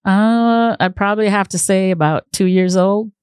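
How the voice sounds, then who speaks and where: A woman guest on a studio podcast, telling personal stories calmly and reflectively, with hesitant pauses. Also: medium pitch, clear, resonant tone, no echo. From New England. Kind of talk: personal storytelling in conversation.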